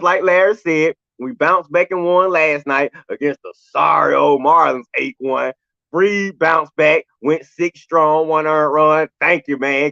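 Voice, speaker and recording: A man, co-hosting a sports talk stream, ranting emotionally and shouting at his team in casual colloquial speech. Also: fairly high pitch, dry recording, lo-fi sound. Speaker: sports show co-host. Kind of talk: impassioned fan rant on a live stream. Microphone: video call.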